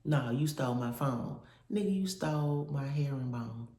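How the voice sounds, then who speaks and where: A woman's voice: rumbling low, lively intonation, moderate pace. A woman in her thirties telling a story to her viewers in a blunt, profane, emphatic way, repeating her points for effect. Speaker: vlogger. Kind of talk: casual storytelling rant to viewers. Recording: echoey room with loud background noise.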